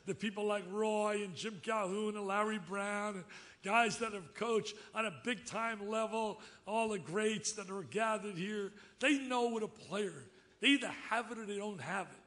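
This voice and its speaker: Excitable loud older man, high bright voice. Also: normal speed. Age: 70s. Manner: excitable, loud, storytelling, exclamatory. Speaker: award recipient giving a speech. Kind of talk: lively acceptance speech.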